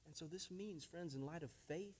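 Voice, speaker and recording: High-voiced preacher asking pointed questions. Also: male voice, normal speed, darkish tone, breathy edge. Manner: emphatic, asks rhetorical questions to the congregation; addresses listeners as friends and church. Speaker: pastor. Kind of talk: sermon.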